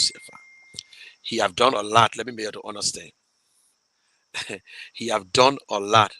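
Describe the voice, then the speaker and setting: A man's voice: fairly low pitch, sharp tone, no room sound, poor audio. A man with a Liberian English accent hosting a show and talking casually to viewers, emotional and rambling, with many restarts as he thanks supporters. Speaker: show host fundraising for a campaign. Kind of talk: casual live talk to viewers.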